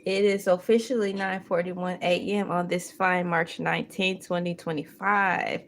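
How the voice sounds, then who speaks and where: A woman's voice: lowish voice, flat delivery. A woman hosting a morning livestream in casual chat, playful and joking as she talks. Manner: slow, playful, breaks into sung bits and laughter. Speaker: livestream host.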